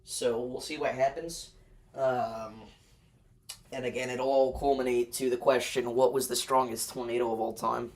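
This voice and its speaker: A man's voice: medium pitch, level tone, moderate pace. A young man hosting a livestream, talking loosely with his chat and arguing his opinions with plenty of fillers. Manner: loose and chatty, many fillers, argues weather takes. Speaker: livestream host. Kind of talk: casual livestream chat with viewers.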